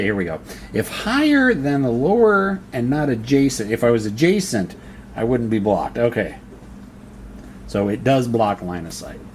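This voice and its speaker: A man's voice: lowish voice, a little mellow, slight background noise. A man playing a solo board wargame, thinking aloud and reading the rules to himself as he works through each turn. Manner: muttering, reads rules aloud and reasons through them.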